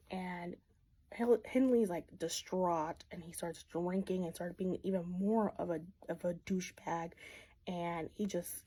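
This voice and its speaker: A young woman recapping a classic novel in a slangy, gossipy way, jumping into the characters' voices as she goes. Her tone is warm and mellow with a slight husk. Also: lowish voice, slightly rough, low-quality recording. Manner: slangy, animated, acts out the characters. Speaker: book vlogger. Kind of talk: casual book recap.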